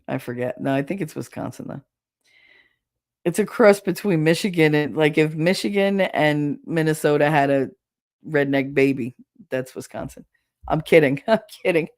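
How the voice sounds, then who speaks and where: A middle-aged woman hosting a livestream, chatting casually and rambling, often laughing as she reads comments. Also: sits low. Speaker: livestream host reading chat. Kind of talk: casual chat.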